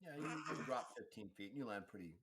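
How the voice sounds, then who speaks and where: A man's voice: medium pitch, fast, noisy background. Man narrating a tabletop game. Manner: relaxed, rambling, frequent restarts. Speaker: game master.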